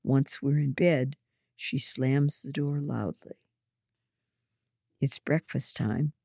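A narrator reading a first-person story aloud in a slow, measured way. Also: mid-range voice, fairly even intonation, gravelly, darkish tone, no echo, studio quality.

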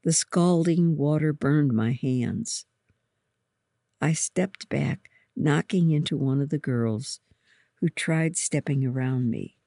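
A reader with a gravelly voice telling a story in first person, slowly and deliberately. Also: medium pitch, mellow, no room sound, studio quality.

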